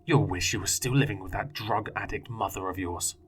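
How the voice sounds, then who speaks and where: A man's voice: fairly low pitch, brisk, breathy edge. A man playing a roaring, violent foster father. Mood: furious. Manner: roaring, snarling threats.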